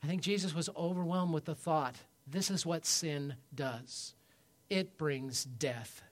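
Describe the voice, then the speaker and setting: A man preaching a sermon as pastor, emphatic, swinging from loud peaks to quiet low passages and calling for amens. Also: unhurried. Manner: asks the congregation for amens.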